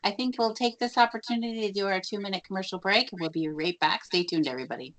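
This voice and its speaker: A woman's voice: medium pitch, quick pace, fairly bright tone. A woman hosting a radio talk show, upbeat and chatty, with easy laughs.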